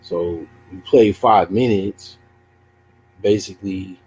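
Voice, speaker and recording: A man who streams chess and mocks a viewer, asking drawn-out questions in a teasing way. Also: fairly low pitch, a little mellow, husky, rough recording. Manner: mocking, taunting, drawn-out questions. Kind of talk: casual livestream chat.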